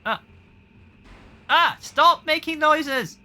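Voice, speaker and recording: This horror game let's play features a gamer who startles at every scare, letting out constant gasps and yelps and answering the monsters directly. The voice is high and very slow, with a noisy background behind it.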